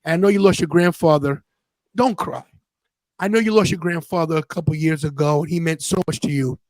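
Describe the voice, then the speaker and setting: A man's voice: on the high side, steady tone, fast talker, a little mellow, dry recording, low-quality recording. A man in his fifties hosting a podcast, telling a personal story in an earnest, casual way and often restarting his sentences. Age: 50s. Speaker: podcast host.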